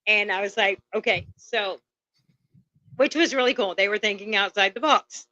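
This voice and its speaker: Casting: woman guest, bright tense voice, dull lo-fi sound, chatty and quick to laugh. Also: medium pitch, no room sound. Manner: laughs often while telling stories. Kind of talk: casual chat. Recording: muffled lo-fi sound.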